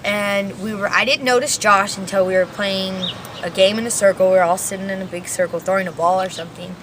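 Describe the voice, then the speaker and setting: An eighteen-year-old woman telling her story in a casual, animated interview. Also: medium pitch, a little fast, noisy background. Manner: animated retelling with acted quotes, casual.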